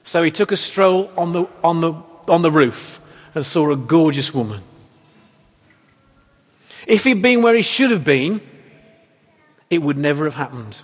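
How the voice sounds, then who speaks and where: A man's voice: on the high side, expressive, unhurried, long pauses, husky. A man preaching a sermon as pastor, in a conversational, wry style full of rhetorical questions. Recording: echoey hall reverb.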